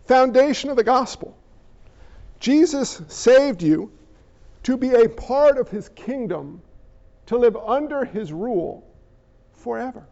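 A man preaching a sermon as pastor, animated and jokey as he retells the story. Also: extremely high pitch, takes it slowly, creaky, long pauses, muffled recording.

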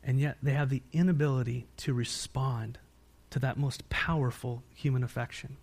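An American man preaching a sermon as pastor, asking his congregation questions and answering them himself, moving between loud emphatic peaks and quiet low-voiced stretches. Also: fairly even intonation, moderate pace.

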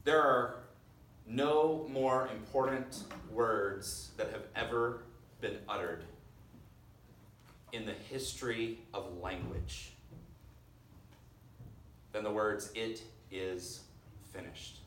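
A man in his thirties preaching a sermon as pastor, earnest, dropping to a hush on key phrases. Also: medium pitch, slow, pauses often, a little hiss or hum. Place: church sanctuary. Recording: roomy sound from far off.

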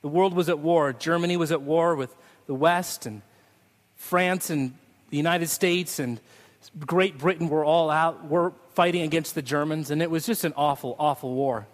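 As pastor, a man delivers a Christmas Eve sermon, telling stories with sung snippets and ending in prayer. His voice is fairly high at a moderate pace, and the recording carries a long hall reverb.

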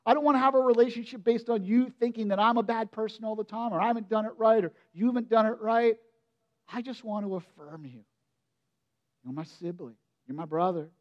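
Speaking a little fast in a high voice, a pastor preaches with expression and a conversational feel, regularly questioning his audience directly. The sound quality is lo-fi.

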